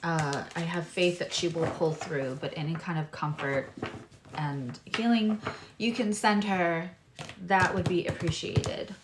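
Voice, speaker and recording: A woman's voice: on the low side, a little slow, noisy background. A woman reading tarot cards on a live stream, chatting with viewers in a loose, digressive way. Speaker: tarot reader and astrologer.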